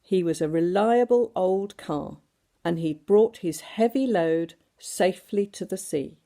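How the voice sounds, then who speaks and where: A woman reading a storybook aloud to children in an animated way, doing sound effects and asking the listeners questions. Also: lowish voice, measured pace.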